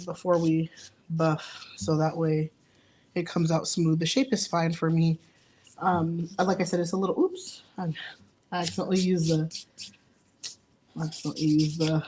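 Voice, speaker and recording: A woman's voice: deep voice, little pitch movement, normal speed, long pauses, mellow, slight background noise. A young woman nail artist giving a casual live tutorial, chatty and laughing at her own slips.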